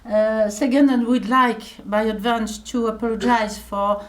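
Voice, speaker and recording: A middle-aged French-accented woman delivers a conference lecture in her second language. Her voice sits slightly high, and she moves carefully from phrase to phrase, with frequent hesitant pauses and fillers. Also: steady tone. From France. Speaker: archaeologist giving a conference talk.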